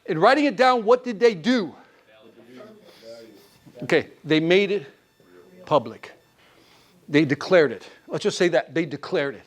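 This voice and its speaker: A man leading a live sales training class, quizzing the room with quick questions and answers. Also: on the high side. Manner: animated, quizzing the class with call-and-response questions.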